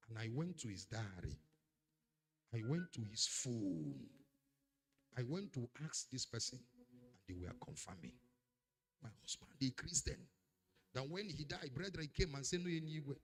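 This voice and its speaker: Dramatic preacher, lively pitch. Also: male voice, moderate pace, pauses often. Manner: dramatic, swings from shouting to hushed. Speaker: pastor. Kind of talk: sermon.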